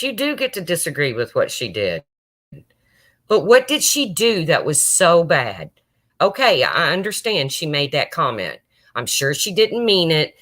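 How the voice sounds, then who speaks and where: A livestream host speaks emotionally and directly to viewers while answering chat, close to tears. The voice has a medium pitch and is a bit bright.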